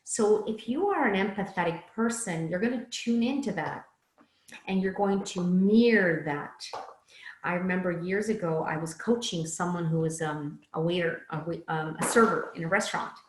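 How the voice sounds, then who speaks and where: A woman's voice: on the low side, moderate pace, reverberant, slight background noise, low-quality recording. A woman giving a casual talk on empathy skills, chatty, with many fillers and asides. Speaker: speaker teaching empathy skills.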